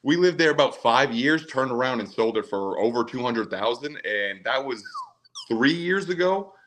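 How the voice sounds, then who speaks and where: A man's voice: medium pitch, animated, normal speed, a bit bright, a little hiss or hum, low-quality recording. A man from Maine calling in to a podcast, chatting in an easygoing, rambling way. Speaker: caller. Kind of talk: casual call-in chat.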